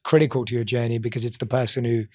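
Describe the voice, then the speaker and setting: A man's voice: medium pitch, flat delivery, quick pace. Reflective man hosting a podcast. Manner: reflective, gently probing, casual fillers. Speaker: podcast host. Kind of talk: podcast interview.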